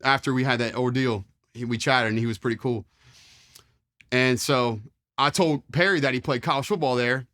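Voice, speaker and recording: A man's voice: mid-range voice, steady tone, normal speed, bright, forceful tone. A man in his forties tells war-service stories in a loose, rambling style. He piles on fillers, drops mild swear words and acts out what others said. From Charlottesville, Virginia, US. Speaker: interview guest, former Marine. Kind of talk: casual storytelling.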